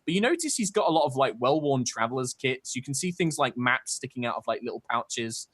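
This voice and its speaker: A man's voice: medium pitch, sing-song, fairly quick, fairly bright tone, no echo. A man narrating as dungeon master in a loose, chatty way full of filler words. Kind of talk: narrating a tabletop game.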